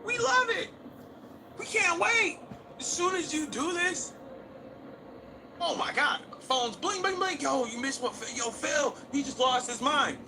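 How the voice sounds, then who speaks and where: A man's voice: very high voice, lively intonation, unhurried, background noise, voice pushed up, heavily acted. A man voicing a giddy, mocking male online troll who gushes with exaggerated glee. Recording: loud game music behind voice.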